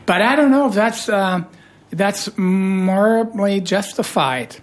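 A woman with a hoarse voice hosting a casual radio chat, playful and teasing, with animated emphasis. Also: medium pitch, slow pace. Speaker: radio host.

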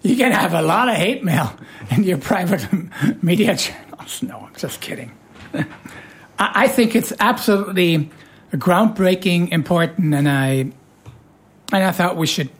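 A woman hosts a relaxed radio chat, her voice hoarse and husky and sitting a little low. She teases her co-host playfully and leans hard on the words she wants to stress, in a studio setting. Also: measured pace. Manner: playful, teasing, animated emphasis.

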